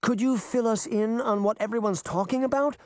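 A man voicing a bold young girl who speaks in a sharp, questioning way. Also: very high-pitched, normal speed, no room sound, clean studio sound, pitched above the performer's own voice. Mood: impatient.

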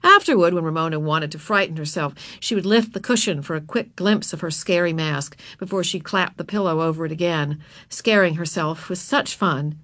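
Expressive woman reading a storybook. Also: on the low side, normal speed, dry recording, clean studio sound. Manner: expressive, voices the characters. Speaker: narrator. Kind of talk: reading a children's book aloud.

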